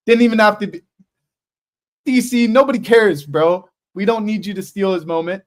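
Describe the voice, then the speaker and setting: Excitable man hosting a fight reaction stream. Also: high-pitched, normal speed. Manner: excited, emotional, repeats himself. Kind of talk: casual live reaction commentary. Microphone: streaming setup mic.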